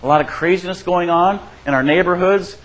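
Heard on a low-quality recording, a man preaches a sermon a little fast. As pastor, he stays conversational, often asks the congregation "right?" and acts out quoted voices through shifts in pitch and loudness.

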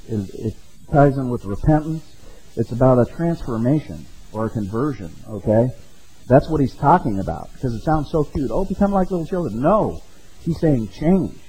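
Mellow-voiced man preaching conversationally. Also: medium pitch, husky, low-quality recording. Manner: conversational, peppered with "okay?" and "right?". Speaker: pastor. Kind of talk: sermon.

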